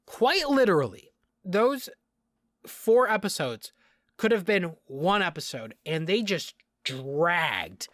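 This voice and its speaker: A man's voice: fairly high pitch, dry recording, clean studio sound. A man giving casual review commentary, exasperated and ranting, swearing freely and often repeating and restarting his words. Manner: animated, frequent restarts and repetitions. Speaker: video reviewer.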